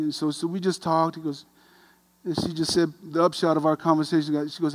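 A middle-aged man preaching, an animated, self-deprecating storyteller who grows quiet and earnest. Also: a little high, fairly quick. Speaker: pastor. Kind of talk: sermon storytelling.

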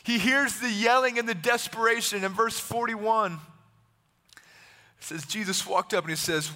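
A man preaching with fervor, his voice high and bright. He repeats phrases for emphasis and acts out the voices of the people in his stories. A long reverb trails his words, as in a large hall. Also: a little slow. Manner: impassioned, repetitive, acts out the voices of Bible figures. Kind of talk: sermon.

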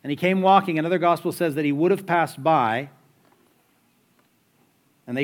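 A man's voice: a little high, normal speed, pauses often. A man preaching a sermon in a conversational, storytelling way, full of rhetorical questions to the listeners. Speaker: pastor.

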